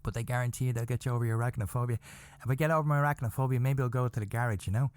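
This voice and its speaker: A man hosting a podcast, telling a comedic story in a profane, rambling, animated way, acting out his own panic. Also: mid-range voice, very fast, no room sound. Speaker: podcast host.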